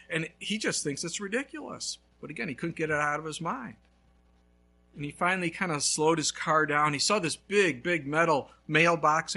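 Bright, husky-voiced male pastor preaching. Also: fairly high pitch. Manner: animated storytelling, swings from loud to hushed. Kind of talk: sermon.

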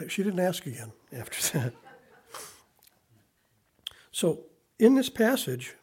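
Man preaching, loud swells and hushed asides. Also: sits high, very animated, slow pace, breathy edge. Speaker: pastor. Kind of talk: sermon.

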